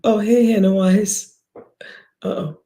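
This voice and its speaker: A woman's voice: mid-range voice, steady tone, takes it slowly, warm tone. A woman hosting a livestream, ranting bluntly and profanely at her viewers with scoffs and sighs. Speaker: livestream host.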